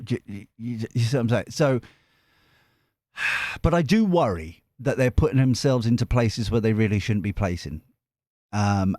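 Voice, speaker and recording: A man's voice: mid-range voice, darkish tone, dry recording, studio quality. A man, a tarot reader, chatting casually to his viewers in a rambling, playful way. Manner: rambling, self-interrupting, playful.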